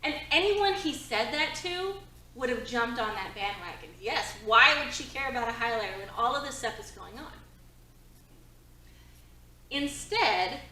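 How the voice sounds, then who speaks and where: A middle-aged woman presenting as a therapist, telling a personal story in an expressive, conversational way with frequent "right?" asides. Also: a little high, a little hiss or hum. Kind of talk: storytelling talk to an audience. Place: presentation hall. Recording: echoey hall from a distance.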